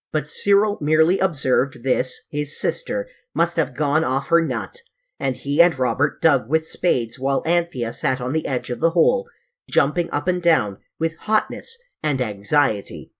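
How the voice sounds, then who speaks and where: Husky-voiced audiobook narrator. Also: medium pitch, unhurried. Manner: expressive, lively storytelling. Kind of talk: children's novel audiobook reading.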